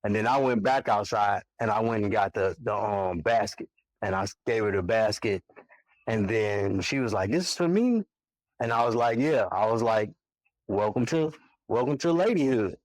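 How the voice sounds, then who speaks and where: A man in his forties, a guest on a podcast, telling a personal story in a casual, animated way and acting out his own reactions. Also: lowish voice, moderate pace, no room sound, poor audio. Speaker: podcast guest, barber and single father.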